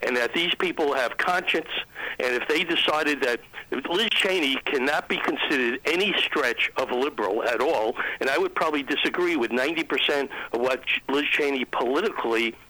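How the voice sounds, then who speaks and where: A man calling in to a radio show, talking haltingly and often pausing on "uh" and restarting. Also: mid-range voice, pushed and bright, poor audio. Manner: halting, many ums and restarts. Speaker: caller. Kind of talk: phone-in opinion.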